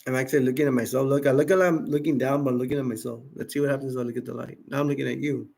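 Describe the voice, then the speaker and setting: A man's voice: mid-range voice, fairly even intonation, racing, creaky, darkish tone. A tired man hosting a late-night livestream, rambling casually and reading chat messages and wiki text aloud. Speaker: livestream host.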